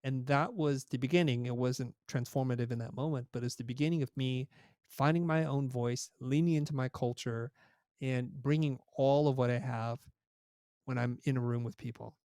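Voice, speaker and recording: A man's voice: medium pitch, steady tone, moderate pace, a little mellow, dry recording, clean studio sound. A middle-aged man as an interview guest, telling reflective anecdotes and retelling dialogue in a conversational way. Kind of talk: interview storytelling.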